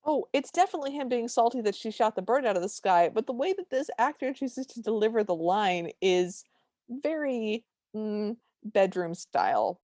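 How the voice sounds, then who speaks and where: A woman's voice: fairly high pitch, very animated, normal speed, a little mellow, dry recording. Woman co-host in a dry, close room. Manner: enthusiastic commentary with vivid comparisons. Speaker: podcast co-host. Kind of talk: casual film recap chat.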